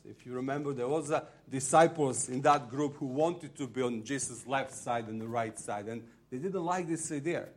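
A man preaching a sermon, retelling a story with lively acted-out crowd voices and slightly phrasing. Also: medium pitch, moderate pace. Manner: animated storytelling, acting out crowd voices, non-native phrasing.

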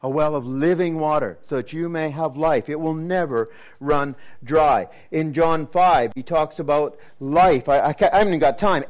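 A fairly high-voiced man preaching a sermon. He repeats key words for effect, fires rhetorical questions at his listeners, and swings between excited emphasis and quiet, dropped tones. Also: moderate pace. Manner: repetitive, rhetorical questions to the congregation.

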